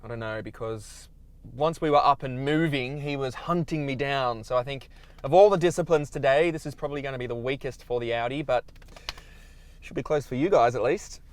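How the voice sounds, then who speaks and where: A man's voice: mid-range voice, a little fast. Upbeat Australian man commentating. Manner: upbeat and chatty, directs the runs. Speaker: car reviewer and host. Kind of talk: casual commentary. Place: inside a car on a test track.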